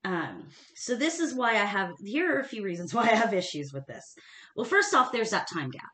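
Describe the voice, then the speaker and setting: A woman's voice: medium pitch, big pitch swings, a little fast, fairly bright tone, roomy sound. A woman co-hosting a casual history podcast, talking emphatically and laughing often. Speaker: podcast co-host.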